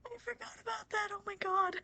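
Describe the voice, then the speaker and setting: A woman's voice: very high-pitched, steady tone, fairly quick, vocal fry, sharp tone, no room sound. A woman streaming a game live, rambling through chatty tangents and laughing often. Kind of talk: casual live gameplay commentary.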